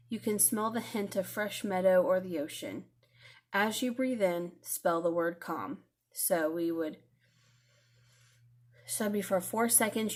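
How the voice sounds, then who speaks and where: Gentle woman teaching calm-down skills. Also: medium pitch, unhurried. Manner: gentle, reassuring, with frequent fillers. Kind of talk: video lesson to students.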